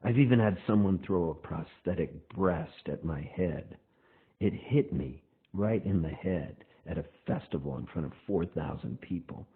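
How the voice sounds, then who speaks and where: A middle-aged man, a touring folk singer, rambling through a spoken monologue intro with drawn-out lines. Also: low-pitched, expressive, husky. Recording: tinny phone-like sound.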